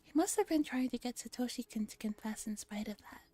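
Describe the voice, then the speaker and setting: Young woman whispering a story into a close mic, mellow and kinda high, valley girl vibe. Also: brisk. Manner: soft unvoiced whisper, calm steady reading. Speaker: streamer reading a visual novel. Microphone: close ASMR microphone.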